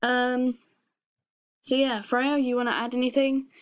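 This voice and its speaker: On a muffled, lo-fi call recording with no echo, a young woman with an English accent makes casual chat. She's a video host whose high voice stays level and a little slow, and she giggles and hesitates, filling gaps with ums.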